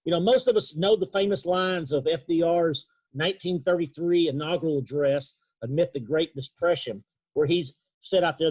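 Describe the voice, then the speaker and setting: A man with an East Texas accent giving an earnest, emphatic leadership talk on a video call, slowing down for key points. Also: fairly high pitch, a little mellow, husky. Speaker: leadership speaker. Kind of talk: motivational webinar talk.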